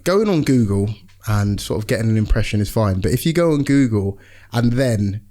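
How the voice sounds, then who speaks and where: A man's voice: fairly low pitch, animated, normal speed, dark tone. A young man, a doctor guesting on a podcast, chatting casually and acting out what patients say to him. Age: young adult. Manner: chatty storyteller, acts out patients' lines. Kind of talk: casual chat.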